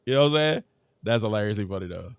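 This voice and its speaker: A man hosting his own show, giving casual sports commentary in an animated way, laughing often and repeating himself. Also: on the low side, rapid-fire, smooth, no echo. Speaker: show host.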